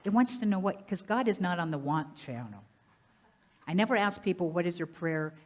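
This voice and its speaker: A woman minister preaches in a lively, conversational way, pitched a little low for a woman. She often turns to the congregation with questions, and her voice swings up and down in loudness as she goes. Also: moderate pace. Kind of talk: sermon. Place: church sanctuary.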